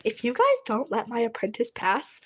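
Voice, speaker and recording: Cartoonish rant: woman voicing a male mentor cat, over-the-top threatening, high and animated. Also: moderate pace, slightly rough, exaggerated voice. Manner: escalating threats, climbing higher.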